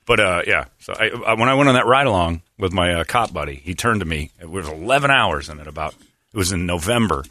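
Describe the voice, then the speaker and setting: Low-voiced rambling radio host. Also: male voice, lively intonation, quick pace, pushed and bright, no echo. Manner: rambling storyteller, laughs often, acts out quotes. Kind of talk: casual talk radio banter.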